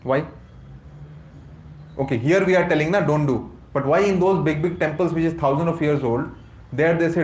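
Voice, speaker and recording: A man with an Indian accent giving a lively lecture to a class, asking rhetorical questions and mixing English with Hindi. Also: fairly high pitch, normal speed, pauses often, slight background noise. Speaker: course teacher at a temple.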